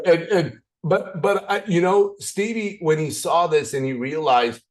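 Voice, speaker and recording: A raspy man leading a motivational training call, excitable, swinging up and down and restarting his sentences often. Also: measured pace, few pauses. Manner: excited, repetitive, frequent restarts; swings up and down in pitch. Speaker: business opportunity trainer.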